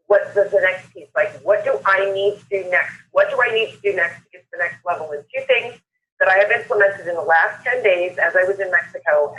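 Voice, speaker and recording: Bright-voiced woman hosting a phone call. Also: lowish voice, a little hiss or hum. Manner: upbeat, emphatic, repeats phrases. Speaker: call host. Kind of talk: motivational conference call. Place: Southern California. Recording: muffled phone-line call recording.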